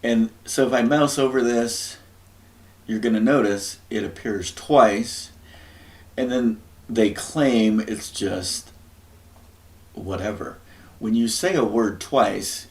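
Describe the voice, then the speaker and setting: A man thinking aloud through a scripture and word study, often clearing his throat. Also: on the low side. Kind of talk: musing scripture study talk.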